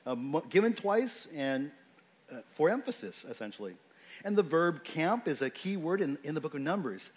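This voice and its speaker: A man's voice: fairly high pitch, very animated, normal speed. A man giving a sermon in a conversational, unscripted way, with frequent fillers and restarts as he explains a scripture passage. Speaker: pastor.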